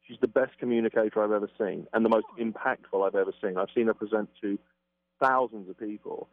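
Man as interview guest, lowish voice, dry tinny phone-line sound, emphatic, acts out examples. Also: steady tone, quick pace, no room sound. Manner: emphatic, acts out quoted reactions. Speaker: communication expert guest. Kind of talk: conversational interview explanation.

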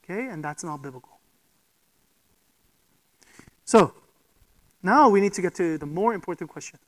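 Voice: medium pitch, animated, moderate pace, poor audio. A preacher giving a sermon, speaking emphatically, posing rhetorical questions and often checking in with the listeners.

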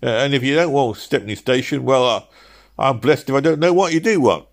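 A man voicing a flustered cab driver who pleads and splutters loudly. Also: mid-range voice, lively intonation, fairly quick, vocal fry, pitched above the performer's own voice. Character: flustered cockney cab driver, male, middle-aged.

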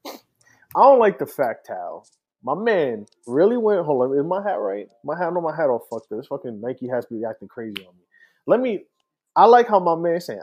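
A man co-hosting a casual sports talk show, trash-talking players in a rapid, profane, mocking way. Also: fairly high pitch, big pitch swings, darkish tone, slightly rough. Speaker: podcast co-host.

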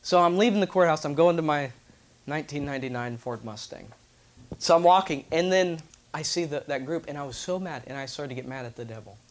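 A man preaching a sermon to a responsive congregation, telling a story with animated acted-out voices and loud exclamations. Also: a little high, a little fast.

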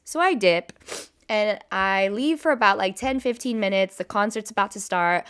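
Animated young woman telling a story. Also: medium pitch, moderate pace, smooth. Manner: animated, full of "like" and "you know". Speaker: vlogger. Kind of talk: casual storytime.

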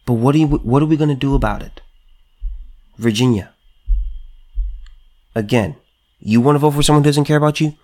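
In this California vlog, a man with a medium-pitched, slightly mellow voice talks politics at a brisk clip, often pausing. Once he's fired up he stumbles and starts over, leaning on emphatic, repeated rhetorical questions to drive his point home.

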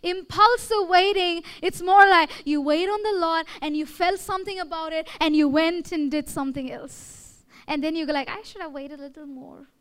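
The speaker is a young woman with an Indian English accent giving a chatty sermon at a moderate pace. Her pitch is extremely high, and she regularly checks on listeners by asking "okay?" and "all right?".

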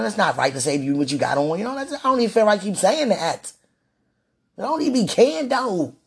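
Gravelly, husky woman rambling to God. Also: medium pitch. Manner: sighing, exasperated, repeats herself, pleads aloud to God. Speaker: vlogger. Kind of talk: casual rambling monologue.

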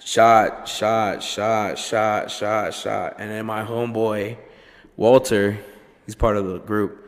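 A man joining in a casual chat, animated and self-mocking, swearing freely. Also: lowish voice, takes it slowly. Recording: long reverb in the room.

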